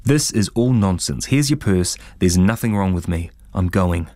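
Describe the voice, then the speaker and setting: Skeptical writer read by a male narrator, storybook, defensive and protesting, low voice, dry close sound. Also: lively intonation, normal speed, warm tone, no echo. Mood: panicked.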